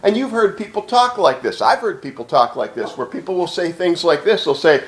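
A man's voice: a little high, animated, fairly quick, few pauses, reverberant. A man preaching a teaching sermon, emphatic and often repeating phrases as he thinks. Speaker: pastor teaching. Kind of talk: sermon lecture.

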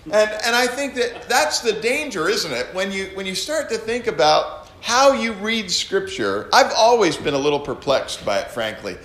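A man teaching a sermon to a congregation, animated, acting out readings in different tones. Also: sits high, moderate pace, hardly any pauses. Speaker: pastor. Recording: echoey room.

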